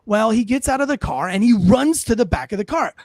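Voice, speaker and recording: A former police officer telling a story in casual chat, animated and profane, acting out what people said. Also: male voice, sits high, fairly quick, no room sound. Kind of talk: casual storytelling on a talk show.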